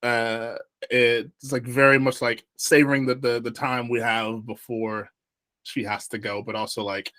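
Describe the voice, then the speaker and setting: A man playing a tabletop game, speaking haltingly with lots of fillers. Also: mid-range voice, flat delivery, sharp tone. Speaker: player. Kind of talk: casual chat at a game table.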